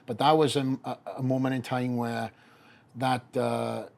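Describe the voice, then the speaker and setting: Animated Welsh man telling a story. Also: medium pitch, a little slow, gravelly. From Wales. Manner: animated storyteller who acts out quoted voices. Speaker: podcast guest, pro bodybuilder. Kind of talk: storytelling in a podcast interview.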